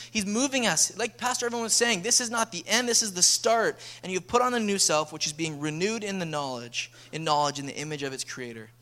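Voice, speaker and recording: Young male pastor, earnest sermon delivery, bright forceful voice. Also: sits high. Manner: earnest, building to emphatic appeals.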